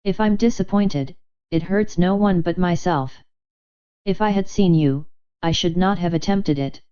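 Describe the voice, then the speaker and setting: A woman's voice: on the low side, measured pace, warm tone, clear, resonant tone, natural voice. A woman reading as a gloomy, sighing young nobleman. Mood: dejected. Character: brooding dejected young male nobleman. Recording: dull lo-fi audiobook recording.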